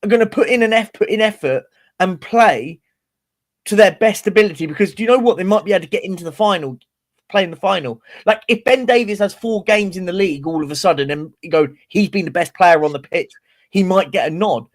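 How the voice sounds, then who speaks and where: Man, podcast co-host, high voice, animated rant, fan chat. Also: quick pace. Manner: animated, ranting, quotes fans in mocking voices. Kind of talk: casual football fan chat.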